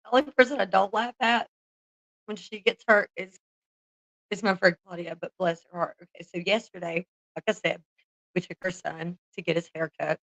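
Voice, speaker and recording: A woman's voice: on the low side, steady tone, moderate pace, vocal fry, a bit bright, dry recording, low-quality recording. A woman chatting casually on a livestream, laughing often and swearing freely as she talks to her viewers.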